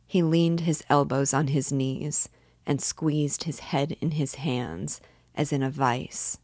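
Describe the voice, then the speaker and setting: Brief: measured female audiobook reader, unhurried, dry sound. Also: extremely low pitch, dry recording. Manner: measured, even narration. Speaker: reader and literature guide. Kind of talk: audiobook reading.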